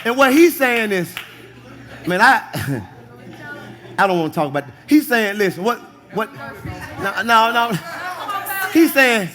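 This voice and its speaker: A male pastor preaching a lively sermon, shouting, laughing and acting out husbands and wives for his congregation. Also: sits high, takes it slowly, long pauses. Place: church sanctuary. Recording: live church service with congregation audible. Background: congregation responding.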